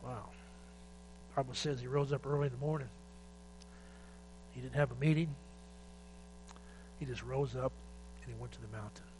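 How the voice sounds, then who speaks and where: A man preaching a sermon, moving between loud urgent exhortation and quiet, emotional retelling of a scripture story. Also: mid-range voice, low-quality recording. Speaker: pastor. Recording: faint mains hum.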